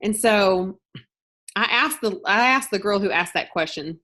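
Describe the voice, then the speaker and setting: A woman's voice: medium pitch, lively intonation, unhurried, bright, forceful tone. A woman who hosts a sales team's video call and talks in a loose, storytelling way, full of restarts and filler words. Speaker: team leader hosting a sales call. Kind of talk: casual talk on a group video call.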